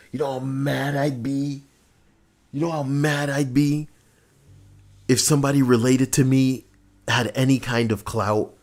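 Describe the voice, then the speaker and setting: A man live-streaming, reacting and chatting casually, swinging between loud outbursts and low mutters.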